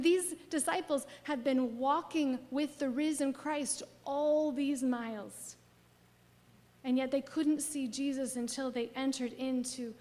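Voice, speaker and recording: A woman pastor preaching a sermon, telling a personal story expressively and dropping at times to a soft near-whisper. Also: on the high side. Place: church sanctuary. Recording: long church hall reverb.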